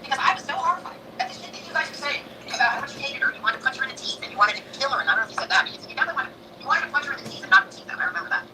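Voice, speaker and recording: A woman's voice: high-pitched, expressive, very fast, few pauses. A woman ranting heatedly and profanely on a livestream, in a clip played back from a distance with background noise. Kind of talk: angry livestream rant.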